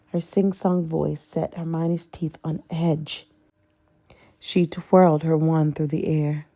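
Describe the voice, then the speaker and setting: A woman reading a fanfiction audiobook with a low, dark, gravelly voice. She takes the story slowly and steadily, with a husky grain on every line. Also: little pitch movement. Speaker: audiobook narrator.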